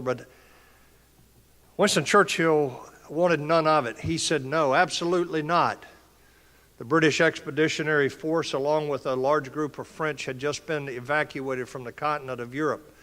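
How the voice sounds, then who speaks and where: An older man delivers an impassioned, preacher-like talk in a forceful, mid-pitched voice. His words echo around a large conference hall. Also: fairly even intonation, normal speed. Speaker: conference speaker. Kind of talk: motivational speech.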